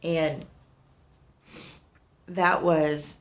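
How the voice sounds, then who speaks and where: A woman's voice: low-pitched, little pitch movement, extremely slow. A woman in her thirties, sniffling and under the weather, chatting candidly to camera in a rambling vlog. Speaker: vlogger. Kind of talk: casual talk to camera.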